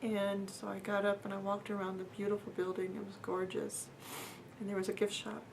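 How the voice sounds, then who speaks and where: Speaking in a flat, creaky monotone at medium pitch, a woman earnestly shares a personal story. She talks casually and haltingly, using fillers and repeating herself, and her voice sometimes sinks almost to a whisper. There's noise in the background.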